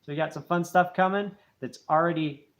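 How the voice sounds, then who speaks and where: A man's voice: on the high side, fairly even intonation, brisk, dull audio. A man in his thirties, hosting a casual late-night livestream, friendly and rambling as he thanks viewers. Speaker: channel host.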